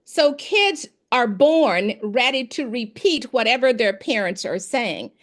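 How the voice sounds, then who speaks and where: Her voice sits a little high and moves slowly. She's an education expert and ex-principal recounting classroom tales in a relaxed interview, animatedly voicing each character's lines.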